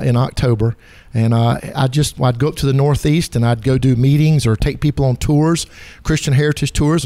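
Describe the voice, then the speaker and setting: A man's voice: mid-range voice, dark tone, dry recording. A middle-aged man from South Carolina with a Southern accent, speaking as a guest author in a casual interview, folksy, earnest and self-deprecating. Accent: Southern American.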